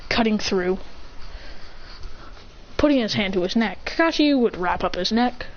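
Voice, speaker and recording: Excitable woman telling a fan story. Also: medium pitch, moderate pace. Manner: excitable, acts out voices and sound effects. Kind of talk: improvised fan story narration. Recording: dull lo-fi with faint noise.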